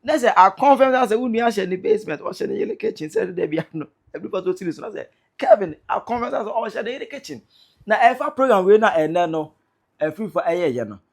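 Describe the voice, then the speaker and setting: A woman with a Ghanaian accent gives an excitable, teasing commentary, reading out viewer comments. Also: mid-range voice, fast talker. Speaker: online commentator. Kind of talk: animated commentary vlog.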